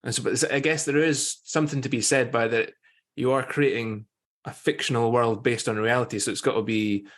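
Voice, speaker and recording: A man's voice: medium pitch, steady tone, a little fast. Guy hosting a podcast, mid voice, kinda thoughtful and musing. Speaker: podcast host. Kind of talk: casual podcast interview.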